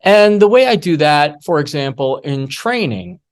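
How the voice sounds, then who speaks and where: A middle-aged man leads a workshop masterclass on security awareness, telling stories in a lively way and acting out the voices of people he quotes. His voice is on the high side, and his pace is measured.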